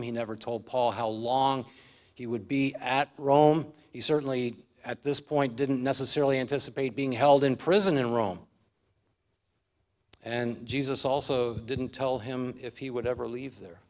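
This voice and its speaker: A man's voice: medium pitch, fairly even intonation, normal speed, darkish tone. A man as pastor, giving an earnest expository sermon that builds to emphatic stretches.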